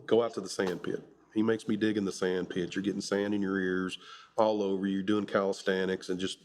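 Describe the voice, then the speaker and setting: A middle-aged man from Kentucky recounts his Marine days in an oral history interview. He has a fairly low voice and tells his anecdotes in a relaxed, chuckling way. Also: brisk, a little hiss or hum. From Kentucky, USA.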